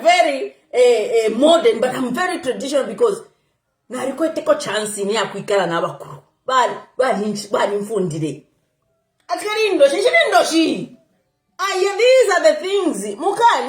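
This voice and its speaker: A young woman giving casual political commentary, animated, laughing often and switching between languages. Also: high-pitched, reverberant. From Zambia.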